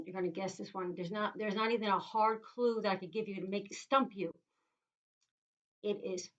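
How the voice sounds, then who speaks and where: Animated New teacher sounding out letters. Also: female voice, medium pitch, lo-fi sound. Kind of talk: teaching young children phonics. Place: inside a small tent.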